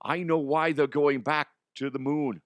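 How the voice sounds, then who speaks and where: A man voicing a crude, excitable male co-host with wild theories. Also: a little high, unhurried, no room sound, studio quality, natural voice. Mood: sly.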